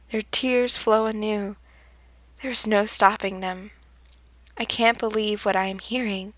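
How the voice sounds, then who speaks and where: Slow soft-spoken woman narrator. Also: mid-range voice, fairly even intonation, creaky, no room sound. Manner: slow, soft-spoken, often dropping to a whisper. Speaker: fanfiction reader. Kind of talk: first-person storybook narration.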